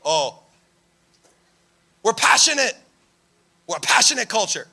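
High bright-voiced young male preacher. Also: unhurried, creaky. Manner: animated storytelling, raises his voice for emphasis. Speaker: pastor. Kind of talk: sermon.

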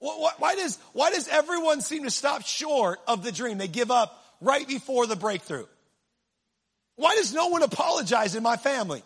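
A man delivers an animated, humorous sermon, swinging between low, quiet asides and shouted punchlines. His voice carries a breathy edge.

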